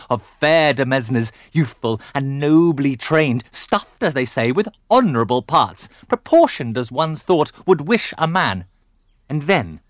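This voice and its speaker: A man playing a furious, domineering noble father in a classical drama, blustering between growls and shouts. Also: mid-range voice, no room sound, studio quality.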